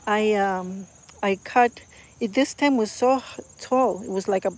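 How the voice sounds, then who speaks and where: Out in her garden, a woman talks at a medium pitch and measured pace while filming on her phone. In this casual vlog chat she rambles with fillers and admiringly gushes over the flowers as crickets and insects chirp.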